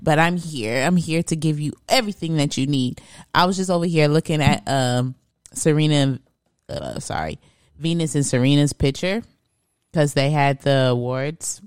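A woman's voice: low-pitched, lively intonation, moderate pace, darkish tone, smooth, dry recording, clean studio sound. A woman co-hosting a casual podcast, blunt and sassy as she gossips. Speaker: podcast co-host.

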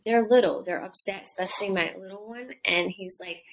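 A woman's voice: medium pitch, brisk, low-quality recording. A woman chatting casually and quoting her own replies from conversations. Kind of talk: casual chat.

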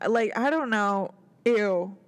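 A woman's voice: mid-range voice, slow. A young woman co-hosting a podcast, chatting candidly with blunt jokes and casual swearing. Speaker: podcast co-host. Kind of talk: casual chat.

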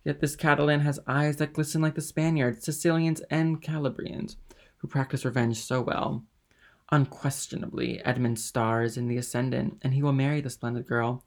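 A man voicing a scheming, envious ship's officer, smooth and calculating in manner. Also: mid-range voice, fairly even intonation, normal speed, close to an everyday voice. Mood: sly.

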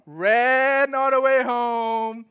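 High-voiced man preaching with stories. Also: fairly even intonation, extremely slow, bright, forceful tone, clear, resonant tone. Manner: storytelling with laughs and acted-out quotes. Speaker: pastor. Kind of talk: sermon.

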